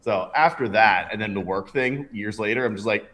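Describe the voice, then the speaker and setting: A man with a fairly low voice chats casually as a co-host. He tells anecdotes with energy and slips into quick impressions of the people in them. The talk is loose and relaxed. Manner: animated storyteller, acts out voices in anecdotes. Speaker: podcast co-host. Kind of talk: casual chat.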